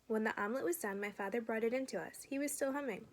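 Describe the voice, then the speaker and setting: A woman, a teacher, reading a children's chapter book aloud in a steady, clear storytelling voice. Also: on the high side, fast talker, a little hiss or hum.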